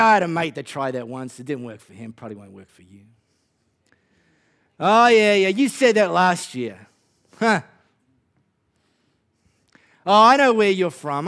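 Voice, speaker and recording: A man's voice: fairly high pitch, animated, normal speed, long pauses, fairly bright tone. A man putting on a scoffing Aussie heckler. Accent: Australian. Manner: dismissive, drawling put-downs. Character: scoffing male heckler, a doubtful acquaintance.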